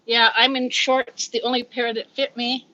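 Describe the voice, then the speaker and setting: Hosting a relaxed live chat from home, a woman in her fifties with a Californian accent speaks at normal speed in a slightly high, pushed, bright voice with little pitch movement. Out of breath, she's candid and talkative, reads comments aloud, and laughs a lot, all in lo-fi sound.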